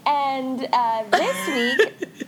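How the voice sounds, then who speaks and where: A high-pitched woman co-hosts a podcast with an easygoing, slow delivery. She jokes and giggles through casual chat, with a clear hum of noise behind her voice. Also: lively intonation. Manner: giggly and joking. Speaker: podcast co-host.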